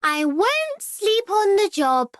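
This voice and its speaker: A woman's voice: very high-pitched, very animated, slow pace, dry recording, studio quality, heavily acted. A sleepy childlike girl. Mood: drowsy.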